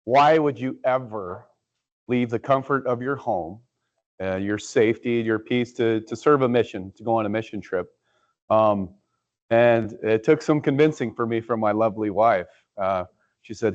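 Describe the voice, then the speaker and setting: A man giving a casual presentation to his church about a mission trip, halting with many ums and uhs. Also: lowish voice. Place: church sanctuary. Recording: dull lo-fi church recording.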